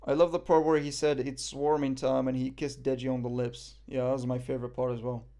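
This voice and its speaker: A man's voice: medium pitch, little pitch movement, fairly quick, mellow. A young man from Morocco chatting casually on a live stream, reading the chat and making self-mocking jokes. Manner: joking, self-mocking banter.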